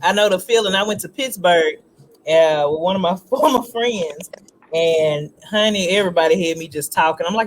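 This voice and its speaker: A woman's voice: on the low side, moderate pace, slight background noise. A woman hosting a virtual paint party, teasing her guests in casual slangy talk and laughing often. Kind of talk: casual group video call chat. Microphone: video call.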